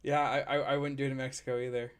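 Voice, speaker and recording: A man's voice: mid-range voice, little pitch movement, very fast, clear, resonant tone. A man co-hosting a casual podcast over beers, teasing and laughing a lot as he jokes around. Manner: joking, giggly, teasing. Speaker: podcast co-host.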